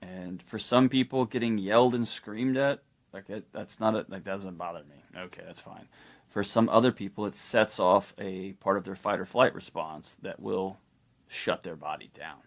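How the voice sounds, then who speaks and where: A middle-aged man explaining ideas as a podcast guest, telling stories in a lively way and acting out the people he quotes. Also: deep voice, normal speed. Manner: animated storytelling, acts out quoted people. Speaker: guest expert. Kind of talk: conversational explanation.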